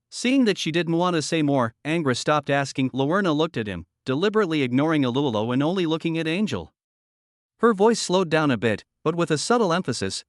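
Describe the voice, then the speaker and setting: Steady male recap narrator, fairly high. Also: a little fast, no echo, studio quality. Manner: steady, even delivery.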